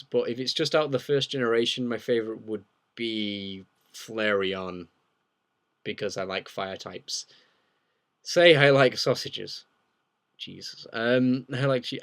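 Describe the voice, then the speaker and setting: A man's voice: medium pitch, fairly bright tone. A young man chats on a livestream in a mid-range voice, wandering from one question to the next. His delivery is loose and jokey, full of asides as he reads out what viewers have typed. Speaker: livestream host. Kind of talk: casual live Q&A chat.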